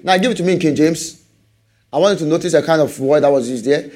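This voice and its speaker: A man preaching a sermon, animated, repeating rhetorical questions and laughing often. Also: a little high, quick pace, faint music behind.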